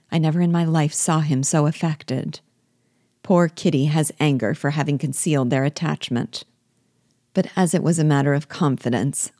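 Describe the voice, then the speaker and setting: A woman reading a classic novel aloud as a book guide, in a measured, clear storytelling manner. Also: low voice, warm tone, no room sound, clean studio sound.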